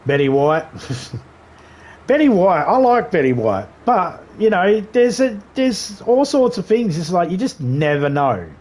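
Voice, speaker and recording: A man's voice: high voice, very animated, unhurried, darkish tone. A man streaming a video game live, riffing in crude, rambling banter and laughing at his own jokes.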